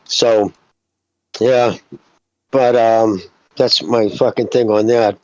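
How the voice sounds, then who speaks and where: A man's voice: fairly low pitch, steady tone, slow pace, no room sound. A man co-hosting a casual podcast, blunt and swearing heavily. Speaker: podcast co-host. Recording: dull, lo-fi mic sound.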